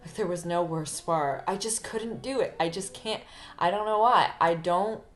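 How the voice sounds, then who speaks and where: A woman's voice: fairly low pitch, moderate pace. A woman, a singer-songwriter, chatting casually to camera in a rambling, chatty way.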